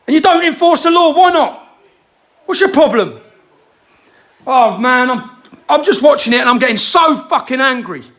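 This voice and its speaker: An angry man delivering a shouted, swear-heavy rant to camera, firing rhetorical questions. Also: very high voice, animated, normal speed, pauses often. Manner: confrontational, jabbing rhetorical questions. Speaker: political commentator.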